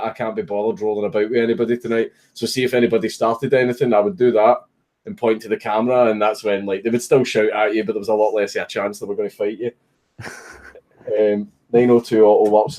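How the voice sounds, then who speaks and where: At home at his computer with his puppy, a Scottish streamer reads out comments on a relaxed livestream, cursing a lot and laughing through his stories. A desk microphone captures his lowish, slightly mellow voice.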